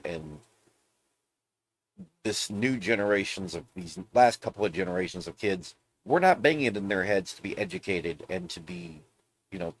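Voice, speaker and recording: A man hosting a casual gaming vlog, talking bluntly in rambling rants with plenty of swearing. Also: on the low side. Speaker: gaming video host. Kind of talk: casual ranting vlog commentary.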